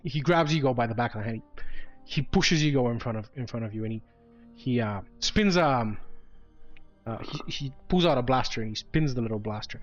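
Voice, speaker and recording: A man narrating as game master in a halting way, full of fillers and restarts, in a dull lo-fi recording. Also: mid-range voice, soft background music.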